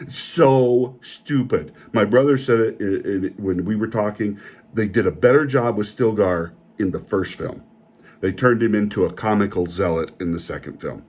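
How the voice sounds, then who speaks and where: A man's voice: fairly low pitch, darkish tone, husky. A man delivering an opinionated, indignant rant as a film reviewer, often repeating himself.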